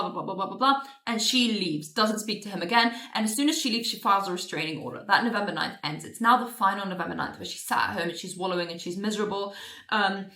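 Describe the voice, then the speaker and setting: A woman's voice: mid-range voice, pushed and bright. A young adult woman casually reviewing a book, exasperated and sarcastic, swearing freely and racing through plot recaps with lots of "like". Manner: rapid plot recap with filler "like". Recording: roomy echo.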